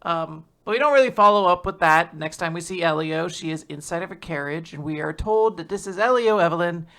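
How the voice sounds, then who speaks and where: Podcast host, casual recap, rambling, laughs a lot, bright voice. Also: medium pitch, brisk.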